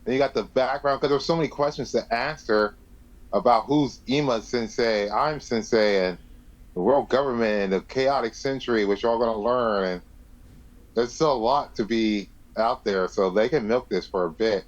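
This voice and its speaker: A man's voice: medium pitch, normal speed, dull audio. A man co-hosting a casual podcast, talking bluntly and swearing as he rants like a fan. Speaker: podcast co-host. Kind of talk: casual chat.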